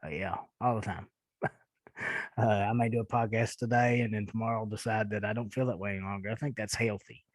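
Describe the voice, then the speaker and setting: A podcast host with a thick Eastern Kentucky accent reads listener emails aloud and answers them in a laid-back way, chuckling and poking fun at himself. His voice is on the low side, with fairly even intonation and a brisk delivery. The audio is poor but has no echo.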